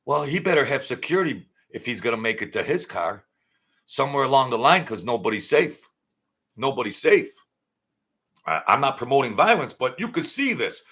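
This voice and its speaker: A man's voice: mid-range voice, very animated, fairly quick, bright, forceful tone, husky. A man delivering a blunt, heated, repetitive ranting monologue as an online commentator.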